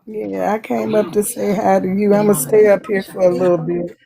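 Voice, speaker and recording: A woman stopping by a live stream to say hi, chatting in a relaxed, friendly way. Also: mid-range voice, moderate pace, gravelly, a crowd in the background. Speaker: friend dropping by. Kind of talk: casual chat.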